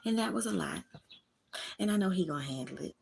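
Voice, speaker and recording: A woman's voice: medium pitch, lively intonation, fairly quick, gravelly, a little mellow, slight background noise. A woman hosting her own livestream, speaking, candidly venting and talking straight to her chat from a small room at home. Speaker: livestream host.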